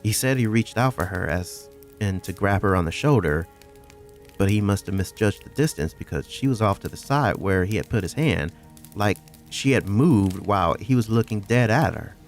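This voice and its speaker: A man's voice: fairly low pitch, lively intonation, normal speed, faint music behind. A man narrating a first-person horror story in a profane, conversational way.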